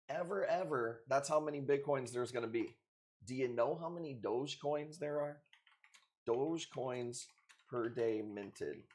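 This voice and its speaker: A man's voice: medium pitch, a little mellow. A man hosting a live coral sale stream, chatting casually with viewers in a loose, profane, joking way. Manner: loose, profane, joking banter with frequent laughs.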